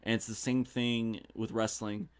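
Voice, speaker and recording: Low-voiced young man telling stories. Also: unhurried, clean tone. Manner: animated storytelling with casual swearing. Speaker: podcast host. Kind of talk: casual solo podcast storytelling. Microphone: studio mic.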